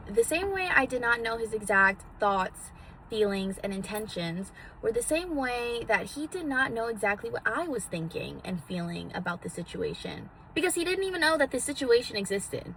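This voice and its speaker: A woman's voice: fairly high pitch, big pitch swings, moderate pace, a bit bright, slight background noise. A woman vlogging casually from a parked car into a phone, theatrical and swearing freely as she gives self-help advice. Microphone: phone on a magnetic mount.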